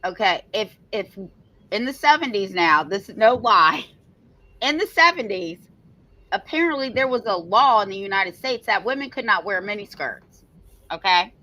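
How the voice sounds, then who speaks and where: A woman's voice: medium pitch, lively intonation, normal speed, pushed and bright, low-quality recording. A woman co-hosting a podcast, talking in an irritated, emphatic way and often asking "right?". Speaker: podcast co-host. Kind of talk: casual podcast talk.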